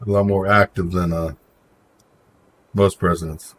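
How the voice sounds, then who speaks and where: A livestream host speaks in a low, slightly bright voice with little pitch movement and a measured pace. In casual, opinionated chat, he responds to viewer comments and addresses people by name.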